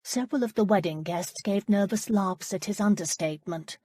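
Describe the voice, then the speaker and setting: A woman narrating an audiobook in an even, measured reading. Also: medium pitch. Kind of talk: scripted narration.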